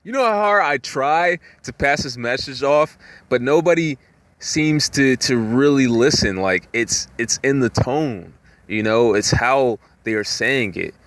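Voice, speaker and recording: A man talking in a rambling, casual monologue, full of "you know" fillers, sometimes jumping up in pitch to act out voices. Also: expressive, unhurried, fairly bright tone. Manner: acts out voices with jumps in pitch.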